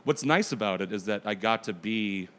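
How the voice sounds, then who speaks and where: A man's voice: on the low side, lively intonation, fairly bright tone, long reverb tail. A man from Wisconsin, a comedy producer, chatting casually and agreeably on a podcast. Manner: affable, agreeable, quick to back others up.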